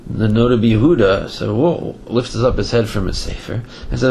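A man teaching a Torah class, telling a story with lively voices and sprinkling in Hebrew and Yiddish terms. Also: medium pitch, normal speed, slight background noise.

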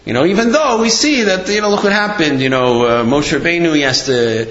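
A man's voice: a little high, expressive, fairly quick, a bit bright. Man, Torah class, conversational, many fillers, roomy echo, muffled sound. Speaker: Torah teacher. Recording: roomy, dull-sounding recording.

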